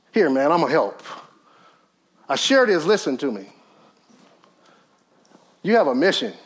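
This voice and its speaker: A man preaching with a high, lively voice that leaps and drops across a wide range. He tells a story full of acted-out quotes. He keeps throwing questions to the congregation. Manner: storytelling with acted quotes, swinging from loud high peaks to low murmurs; calls out questions to the audience. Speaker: pastor. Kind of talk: sermon.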